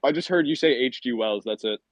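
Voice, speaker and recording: A man's voice: medium pitch, lively intonation, brisk, no room sound. A man hosting a casual call-in chat, pacing outside with a weak connection, talking profanely and getting worked up as he rants. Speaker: podcast host. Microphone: phone call at the edge of wifi range. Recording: dull lo-fi call audio.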